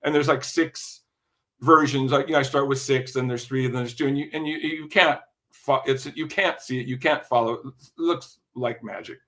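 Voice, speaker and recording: An older man talking as a podcast guest, telling long anecdotes with lots of restarts and the odd throat clear. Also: medium pitch, normal speed, a bit bright. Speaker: podcast guest, music industry veteran. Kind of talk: casual interview storytelling.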